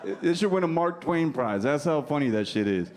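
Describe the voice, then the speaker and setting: A man in his thirties is very animated and brisk on a comedy club stage, his slightly high voice darkish in tone. His set is brash and profane, aimed at teasing the crowd, and the live recording includes a faint audience.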